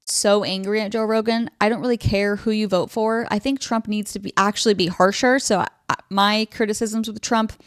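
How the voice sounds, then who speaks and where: A woman's voice: medium pitch, fairly even intonation, fairly quick, clean tone, dry recording, clean studio sound. A woman hosting casual political commentary, blunt and sarcastic, chatting about posts she reads out. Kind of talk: casual commentary reading tweets.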